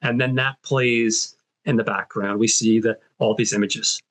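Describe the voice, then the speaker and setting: A man's voice: fairly low pitch, steady tone, a little slow, a bit bright. Chatty man retelling a film plot. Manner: chatty retelling, many fillers, mimics characters' lines. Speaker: podcast host. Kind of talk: casual film review.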